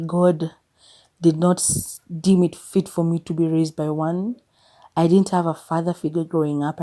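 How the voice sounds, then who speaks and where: A woman's voice: low-pitched, mellow. A Kenyan woman in her thirties hosting a podcast, speaking candidly and confessionally about her life, now and then breaking into exasperated emphasis and slipping in Swahili phrases. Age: 30s. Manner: mixes English with Swahili phrases. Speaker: podcast host. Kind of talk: personal reflective monologue.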